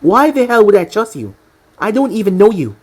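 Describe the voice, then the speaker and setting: Brash, defiant young fighter girl, read by a woman, lively pitch. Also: brisk.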